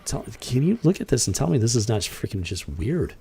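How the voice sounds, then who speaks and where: A man's voice: mid-range voice, big pitch swings, a little fast, creaky, mellow, slight background noise. A man hosting a casual comic book commentary, exasperated and blunt, swearing freely and often stumbling over his restarts. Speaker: host.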